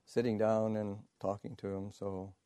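A Buddhist monk, a man, telling a teaching story in a halting way, full of fillers and restarts, with soft chuckles. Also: lowish voice, level tone, no echo. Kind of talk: storytelling dharma talk.

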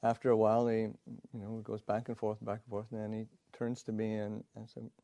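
A Buddhist monk, a man, telling a teaching story in a halting way, full of fillers and restarts, with soft chuckles. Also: lowish voice, monotone. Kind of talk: storytelling dharma talk.

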